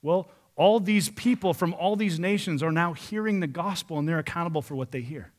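A man preaching a sermon, reading scripture and paraphrasing it in an emphatic, animated way. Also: a little high, brisk.

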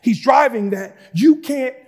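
High-voiced preacher man, fervent and loud. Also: measured pace. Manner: shouts and preaches with rising intensity, conversational asides. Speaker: pastor. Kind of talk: sermon.

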